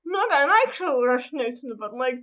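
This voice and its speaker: A woman co-hosting a podcast in casual chat, halting and hesitant, with lots of restarts and laughter. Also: sits high, expressive, fairly bright tone, highs cut off. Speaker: podcast co-host.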